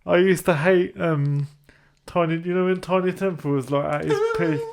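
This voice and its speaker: A young man with a fairly high voice and a gravelly edge talks music with friends. He is chatty and eager, tumbling over words and letting sentences trail away. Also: fairly even intonation, moderate pace, background noise. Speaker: podcast co-host. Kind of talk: casual chat.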